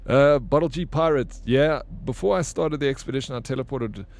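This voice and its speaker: A man's voice: mid-range voice, a little fast, darkish tone. A young man streaming a video game, joking and bantering with his chat, swearing freely. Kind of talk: casual live-stream chat while gaming.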